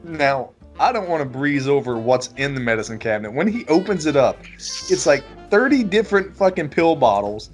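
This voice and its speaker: A man's voice: fairly high pitch, moderate pace, soft background music. A man co-hosting a casual beer-and-movie podcast, swearing freely and acting out scenes as he recaps them. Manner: animated, swears a lot, acts out scenes with laughs. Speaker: podcast co-host. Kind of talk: casual movie chat over beers.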